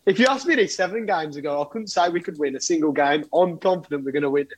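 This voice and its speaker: A man's voice: a little high, fast talker, slightly rough. A man, a podcast regular, talking eagerly and fervently about his football club. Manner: eager, fervent fan talk. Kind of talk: casual podcast chat.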